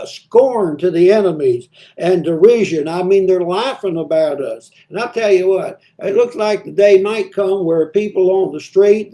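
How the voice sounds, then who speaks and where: A man gives a midweek Bible devotional, reading verses and then talking them through. His voice sits high for a man but has a soft, mellow tone. He pauses often, stumbles and repeats words as he thinks aloud. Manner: conversational, reads scripture aloud then explains it; frequent hesitations and repeated words. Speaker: preacher.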